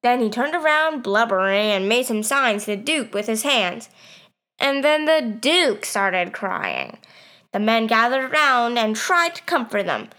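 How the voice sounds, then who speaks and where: A woman reading a story aloud as its first-person narrator, in a plain, steady storytelling manner. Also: a little high, unhurried.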